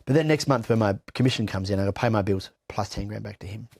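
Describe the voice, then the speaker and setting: A middle-aged Australian man, appearing as an interview guest, gives raw, blunt testimony about hard times, swearing freely and restarting sentences often. His low, darkish voice is creaky and fast, and the recording is close and dry with no room echo.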